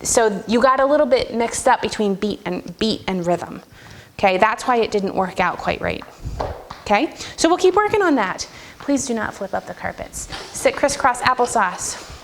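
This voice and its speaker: A woman music teacher leading a first-grade class, firm and clear, sometimes breaking into a sung or high voice to show a rhythm. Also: expressive, normal speed, a little hiss or hum.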